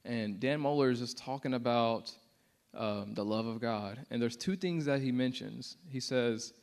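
A man's voice: medium pitch, unhurried, creaky, darkish tone. A young man shares a personal testimony with a church audience in a loose, conversational way. He is earnest and unpolished, full of fillers, and he leans hard into the words he quotes. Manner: casual and earnest, many "like" fillers, acts out quotes with rising intensity. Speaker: speaker sharing a testimony.

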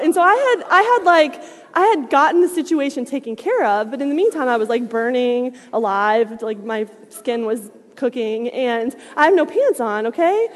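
A young adult woman telling a lively personal story, laughing often and swinging between loud bursts and hushed asides. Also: high-pitched, moderate pace, long reverb tail.

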